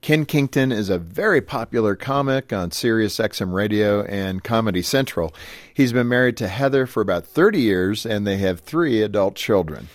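A man's voice: lowish voice, animated, normal speed, no echo. A male radio host and ministry president introducing a guest speaker in an earnest, scripted way.

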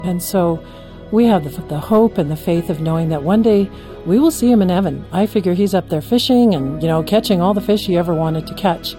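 A woman telling an earnest, gentle personal story of faith. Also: fairly low pitch, brisk, soft background music. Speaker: teacher. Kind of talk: personal testimony.

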